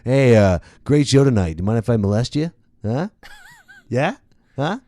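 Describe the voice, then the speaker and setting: A man's voice: medium pitch, sing-song, normal speed, mellow, no room sound, lightly acted. A man putting on a sleazy, leering male film star who prods with taunting asides. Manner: sleazy, prodding "huh?" asides.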